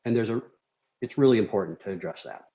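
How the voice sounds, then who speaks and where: A middle-aged Minnesota surgeon, guesting on a podcast, speaks fast in a fairly low, mellow voice with lively intonation. He talks candidly and rambles, dropping "you know" constantly and laughing as he tells stories. The audio is slightly dull and lo-fi.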